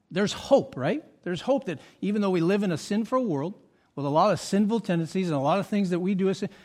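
Animated high-voiced male pastor preaching. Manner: animated storytelling with acted quotes and asides; drops soft and low for confessions. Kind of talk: sermon.

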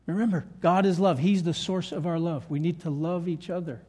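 Older man, pastor, high voice, earnest sermon, repeats his points for emphasis, church room. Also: brisk, a little mellow, breathy edge.

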